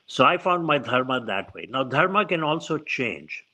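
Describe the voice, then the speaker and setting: A man in his seventies tells stories as an interview guest, and his voice rings bright and forward. He acts out the people he quotes and shifts his tone with each one. He speaks at a mid pitch, typical for a man. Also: normal speed, low-quality recording. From India. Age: 70s. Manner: animated storyteller who acts out quoted voices. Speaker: guest physician. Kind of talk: storytelling in an interview.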